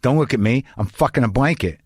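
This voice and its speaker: A man's voice: medium pitch, animated, fast, no room sound, clean studio sound. A man putting on a surly foul-mouthed tomcat. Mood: menacing. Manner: menacing, profane, gruff growl. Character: surly tough-guy male house cat.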